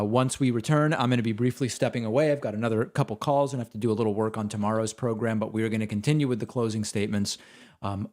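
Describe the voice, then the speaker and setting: A man hosting a livestream, making quick casual asides and thanking viewers. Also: lowish voice, darkish tone. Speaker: livestream host.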